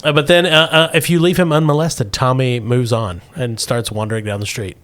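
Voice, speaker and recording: A man's voice: medium pitch, steady tone, a little fast, fairly bright tone. A man running a tabletop role-playing game as game master, narrating playfully and laughing often.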